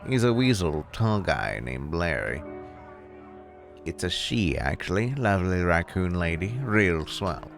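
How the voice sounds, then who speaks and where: A man's voice: deep voice, big pitch swings, unhurried, vocal fry, soft background music, heavily acted. Man reading as a cocky raccoon photographer. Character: male raccoon private photographer, cocky and coy. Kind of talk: reading game dialogue aloud.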